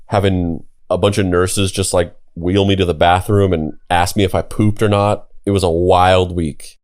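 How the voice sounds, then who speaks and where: A man's voice: low voice, darkish tone, clean tone. A young man co-hosting a podcast, telling a story casually with lots of "like" and the odd swear. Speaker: podcast co-host. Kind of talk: casual chat.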